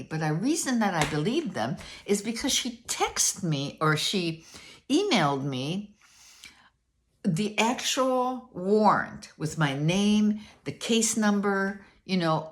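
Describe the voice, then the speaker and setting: An older woman telling a story in a casual, animated way, acting out both sides of a conversation. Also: fairly low pitch. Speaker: vlogger.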